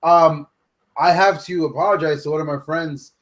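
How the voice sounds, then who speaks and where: Rambling fan-talk man, fairly high voice. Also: steady tone, normal speed, fairly bright tone. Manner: enthusiastic, swearing, rambling. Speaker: podcast co-host. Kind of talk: casual wrestling chat.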